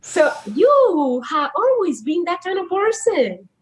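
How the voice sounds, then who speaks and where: A middle-aged woman from the Dominican Republic with a Dominican Spanish accent, whose first language is Spanish, telling stories as a podcast guest and often pausing to search for words. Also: very high-pitched, rough recording. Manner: animated, searching for words, laughs easily. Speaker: guest, social worker. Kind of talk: casual conversational storytelling.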